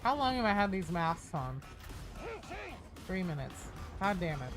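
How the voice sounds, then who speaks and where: Over music, a woman streaming a game greets her viewers in a casual, joking way, swearing now and then and breaking into high, excited hellos. She speaks at a measured pace.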